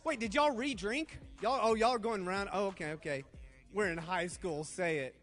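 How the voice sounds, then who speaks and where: A man's voice: sits high, moderate pace, a bit bright, soft background music. An older man leading a youth group game, reading slang terms aloud, stumbling over them and laughing at himself. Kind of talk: playful group game in front of students.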